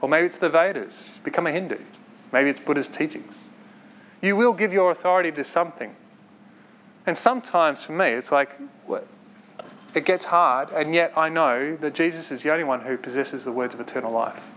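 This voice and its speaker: Guy preaching a sermon, chatty and earnest, bit of a higher voice, faint background hiss. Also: a bit bright. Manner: conversational, earnest, quick asides with laughs.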